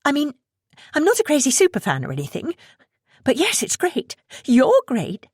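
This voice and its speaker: A woman putting on an anxious young woman, pitched well up high and tumbling over her words in a rush. She sounds eager and flustered in this audiobook thriller, caught close on a dry mic. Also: darkish tone, no echo. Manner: rushed, stammering.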